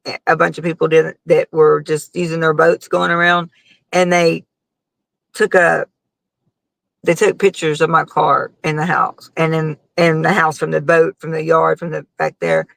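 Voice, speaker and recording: A woman's voice: fairly low pitch, gravelly, no room sound, low-quality recording. A middle-aged woman, hosting a casual live chat and telling a long, rambling story full of fillers. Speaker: host.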